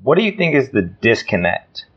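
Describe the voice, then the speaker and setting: A man hosting a podcast, asking thoughtful questions with halting restarts. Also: mid-range voice, very animated, breathy edge, highs cut off. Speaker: podcast host. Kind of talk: conversational podcast interview.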